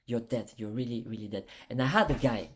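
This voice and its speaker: A man with a French accent, a musician guest in a casual interview, speaking halting English and acting out stories in quoted voices. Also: mid-range voice, fairly bright tone. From France.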